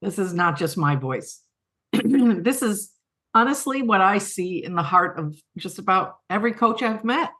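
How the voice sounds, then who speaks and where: A woman's voice: medium pitch, lively intonation, unhurried, a bit bright. Earnest, heartfelt middle-aged woman. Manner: heartfelt, earnest, laughs often. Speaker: guest, coaching academy co-founder. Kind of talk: podcast conversation.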